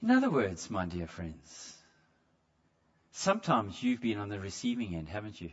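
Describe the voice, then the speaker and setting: A man's voice: lowish voice, wildly swooping pitch, quick pace, lo-fi sound. A man preaching a sermon in a conversational way, stumbling over repeated words and putting questions straight to the congregation. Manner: asks the congregation direct questions.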